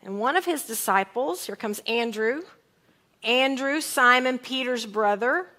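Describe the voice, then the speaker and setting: Woman pastor, fairly high, bright voice; expressive sermon delivery. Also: a little slow. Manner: expressive, reads scripture aloud and acts out lines in different tones. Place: church sanctuary.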